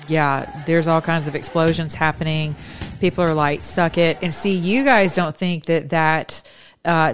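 A woman's voice: low voice, smooth. A woman hosting a casual commentary show, chatting and reacting sarcastically as she scrolls through news stories and laughs at her own jokes.

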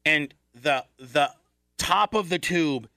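A man with a bright, forceful voice tells a long, animated story on a radio talk show. He stumbles and restarts often and mimics the other voices in his tale. The studio sound is close and dry. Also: slow pace, creaky, no echo. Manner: acts out other people's lines in a higher voice.

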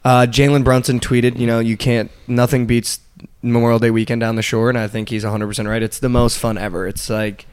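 A young man co-hosting a podcast, chatting casually and telling stories in animated bursts, swearing freely. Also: medium pitch, fairly quick, smooth. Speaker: podcast co-host. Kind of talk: casual sports chat.

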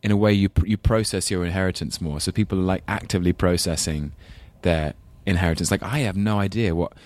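Deep-voiced Englishman musing in an interview. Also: steady tone, fast, darkish tone, no room sound. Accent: English, London. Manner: thoughtful, rambling, self-deprecating, laughs often. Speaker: actor guest. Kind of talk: casual interview chat.

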